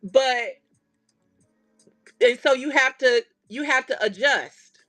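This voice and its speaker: A woman's voice: high voice, slow, bright, forceful tone, soft background music. A woman hosting a craft livestream, chatting casually and animatedly straight to her viewers.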